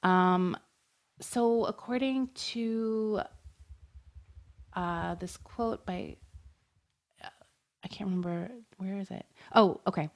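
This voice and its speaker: A woman's voice: medium pitch, takes it slowly, vocal fry, pauses often. A woman co-hosting a podcast, telling a true-crime story in a casual, chatty way with many fillers and frequent laughs. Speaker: podcast co-host.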